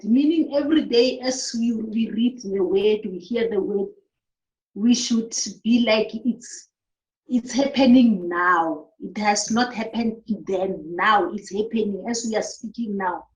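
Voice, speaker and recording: A woman in a discussion who asks and reflects in a halting, inquisitive way, seeking confirmation. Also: mid-range voice, darkish tone, low-quality recording. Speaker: discussion participant.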